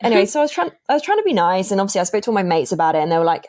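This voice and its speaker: A young woman tells a dating story in a loose, chatty way, full of fillers. She is mid-pitched and acts out each quote as she goes. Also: big pitch swings, very fast, few pauses, darkish tone. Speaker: podcast guest. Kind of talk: casual chat.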